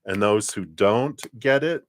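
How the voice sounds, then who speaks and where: A man giving a live tarot card reading, lively and chatty, often clearing his throat and acting out other people's lines. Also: unhurried. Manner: animated, acts out other people's lines in high voices.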